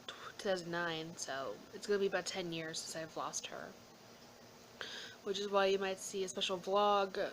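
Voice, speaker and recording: A woman's voice: lowish voice, a bit bright, a little hiss or hum, rough recording. A woman talking to her channel in a casual vlog update, rambling and emotional, sometimes dropping into whispers, trying not to cry. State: holding back tears. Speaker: YouTuber.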